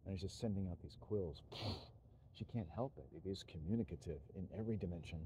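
A man talking in a rambling monologue, meandering and halting, with frequent restarts and chuckles. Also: sits low, mellow, slight background noise.

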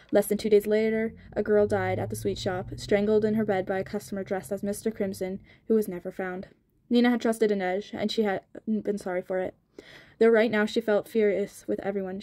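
A woman reading a novel chapter aloud in a storybook reading, quick and even. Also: medium pitch, dry recording. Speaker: audiobook reader.

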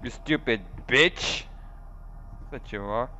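A man's voice: medium pitch, very animated, unhurried, highs cut off. Panicky, shrieking horror gamer man. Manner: panicky, swearing, shrieking and laughing. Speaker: let's play host. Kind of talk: horror game commentary. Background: game music.

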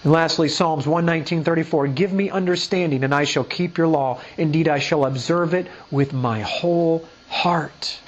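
A man with a notably high voice delivers an emphatic sermon as a pastor. He keeps checking in with the listeners through rhetorical questions and reads scripture passages aloud. The recording sounds a little dull and lo-fi. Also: moderate pace, hardly any pauses. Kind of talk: sermon teaching.

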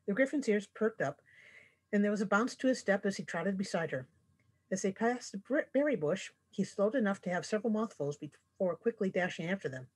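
A woman author reading her own fantasy story aloud, expressive as a storyteller. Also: mid-range voice, brisk, breathy edge. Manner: expressive storyteller voicing characters.

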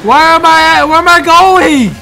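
Excitable high-voiced young man gaming. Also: normal speed, vocal fry, soft background music. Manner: excitable, swearing, laughing, talking to the game. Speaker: gamer playing through a video game. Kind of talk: let's-play commentary.

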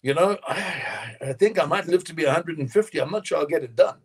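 A man, a winemaker guest in an interview, telling lively anecdotes and acting out quotes with frequent laughter. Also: on the high side, fairly quick, breathy edge. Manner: animated storyteller, acts out quotes, laughs often.

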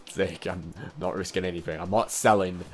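Young man, lowish voice, chatty, joking, game commentary, faint music behind. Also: animated, unhurried. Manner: chatty, joking, talks to the game players, laughs often. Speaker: gaming YouTuber. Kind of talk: casual gameplay commentary.

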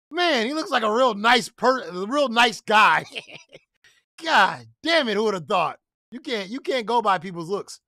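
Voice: medium pitch, sing-song, takes it slowly, pushed and bright, dry recording, clean studio sound. A stream reactor giving crude, laughing commentary on a clip.

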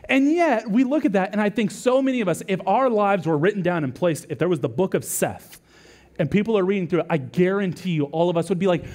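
His voice sits high and his pace is moderate as this male lead pastor preaches. He tells stories conversationally and with animation, acting out quotes and often adding "right?"

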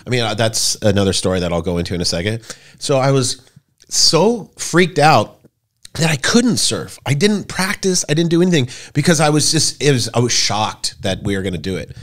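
A rambling man in his forties tells long stories on a podcast, swearing freely and throwing his voice high when he quotes friends. His pitch sits mid-range for a man. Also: a little fast. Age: 40s. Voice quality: profane, rambling, animated. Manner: acts out quoted voices with big pitch jumps. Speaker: podcast guest. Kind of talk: casual storytelling chat.

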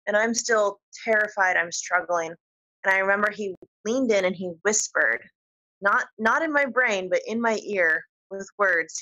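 A woman guest on an interview show, telling a personal story in a lively, giggly way. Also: medium pitch, poor audio. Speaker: podcast guest.

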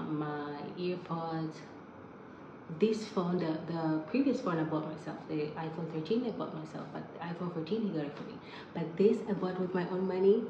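A woman chatting excitedly to her vlog viewers from home, with lots of fillers and asides. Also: low-pitched, echoey room, muffled recording, noisy background. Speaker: vlogger. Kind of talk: casual vlog chat.

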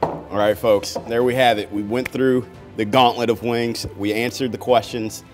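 A man hosting in a relaxed, casual way, an enrollment advisor introducing segments. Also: mid-range voice, normal speed, music in the background.

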